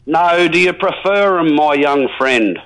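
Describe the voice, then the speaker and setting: Fields: Figure: chatty rural bush bloke, played by a man. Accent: Australian. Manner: rambling, folksy, jokey. Pitch: a bit high. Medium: comedy radio sketch. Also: lively intonation, measured pace, fairly bright tone, low-quality recording. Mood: matey. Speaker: regular caller.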